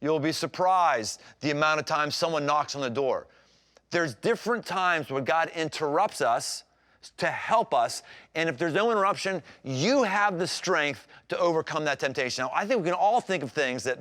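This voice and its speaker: Animated preaching man, a bit high. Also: normal speed. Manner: animated, acts out scripture scenes with voices; conversational and emphatic. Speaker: pastor. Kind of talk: sermon.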